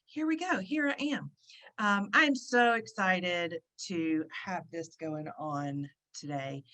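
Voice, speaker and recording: A woman hosting an online gathering over a video call, chatty and excitable, with lots of fillers. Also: lowish voice, takes it slowly, poor audio. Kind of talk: casual chat. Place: at the beach, indoors.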